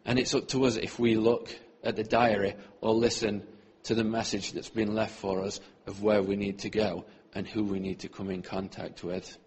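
A man giving an earnest sermon testimony in church, often trailing off softly at the ends of his sentences. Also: fairly low pitch, little pitch movement, moderate pace, hardly any pauses, husky. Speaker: church speaker.

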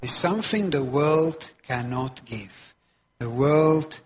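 A man's voice: fairly high pitch, expressive, slow, husky. A man preaching a sermon, stressing and repeating key phrases for weight.

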